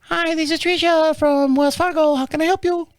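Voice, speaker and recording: A man voicing a young female bank phone representative who speaks in a high, hesitant customer-service voice. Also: fairly even intonation, normal speed, dry recording, clean studio sound, natural voice. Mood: meek.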